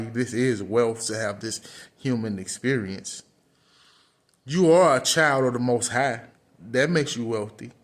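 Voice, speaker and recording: Earnest man speaking in AAVE. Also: mid-range voice. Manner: earnest and repetitive, with conversational slips and restarts. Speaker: motivational speaker. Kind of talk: casual motivational talk.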